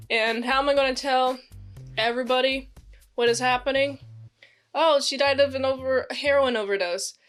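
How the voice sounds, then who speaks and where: A woman's voice: high-pitched, normal speed, fairly bright tone, faint music behind. A woman casually recapping a TV episode in a rambling, chatty way, acting out the characters' lines as she goes. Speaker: series reviewer.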